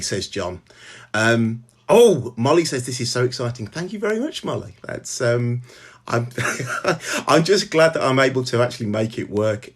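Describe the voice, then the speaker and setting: A middle-aged man with a Birmingham accent hosts a casual live stream at home, greeting viewers by name in a halting way, with lots of ums and restarts. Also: medium pitch. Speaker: author hosting a live stream.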